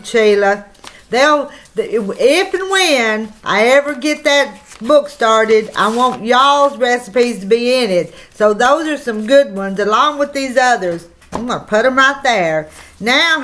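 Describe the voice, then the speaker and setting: A woman's voice: on the high side, a bit bright. A woman with a Southern country accent, chatting folksily to her viewers while opening mail on her vlog. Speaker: channel host.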